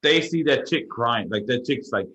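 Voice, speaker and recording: Man, young adult, podcast co-host, casual storytelling, rambling, swears a lot, mid-pitched voice. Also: moderate pace, lo-fi sound. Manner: profane, rambling, animated retelling.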